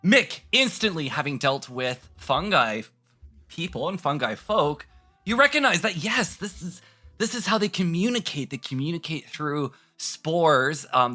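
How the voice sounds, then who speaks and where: A male game master narrates a fantasy scene at a slow pace. His voice is bright, and he pauses often with fillers. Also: fairly high pitch, expressive, soft background music. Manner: hesitant, many ums and restarts.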